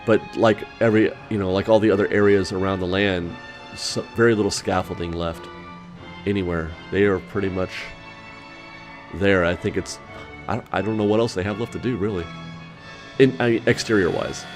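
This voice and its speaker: Raspy deep-voiced man narrating casually. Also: steady tone, moderate pace, over music. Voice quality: raspy, recovering from illness. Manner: chatty, rambling, with frequent fillers and restarts. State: hoarse. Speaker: vlog host.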